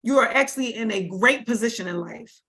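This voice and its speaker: Bright-voiced woman teaching casually. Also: on the high side, brisk. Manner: informal, emphatic, repeats for stress; casual vernacular speech. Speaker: spiritual teacher. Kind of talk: livestream teaching talk.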